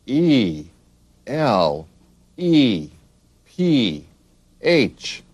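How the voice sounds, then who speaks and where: A man's voice: medium pitch, very animated, extremely slow, a little mellow, husky, dry recording. A middle-aged man reading a children's read-along book, spelling words letter by letter and making playful animal sounds.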